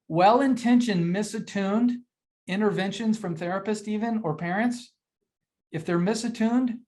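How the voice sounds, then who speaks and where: Older presenter, webinar lecture, mid pitch, earnest, conversational, rhetorical questions, direct address. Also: a little mellow. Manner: teaching with frequent rhetorical questions. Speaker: webinar presenter on mental health.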